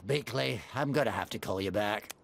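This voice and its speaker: A man voicing an old, rich male duck adventurer with a gravelly Scottish accent and gruff, brusque manner. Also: on the low side, normal speed, background noise. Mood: exasperated. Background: cartoon score.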